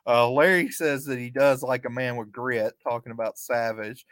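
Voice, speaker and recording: Smooth-voiced man recapping casually. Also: medium pitch, normal speed, no room sound. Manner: relaxed play-by-play recap, chuckling often. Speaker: podcast co-host.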